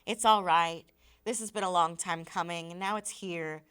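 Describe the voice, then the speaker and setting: A woman voicing a weary, dying father who quietly reassures his son, while reading a novel aloud. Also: fairly low pitch, fairly even intonation, moderate pace, smooth, natural voice. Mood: urging.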